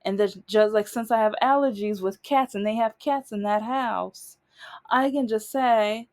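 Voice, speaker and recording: A young adult woman vlogs a casual storytelling monologue, rambling and emphatic, often trailing off and starting again. Her voice is on the high side, a little slow and a little mellow.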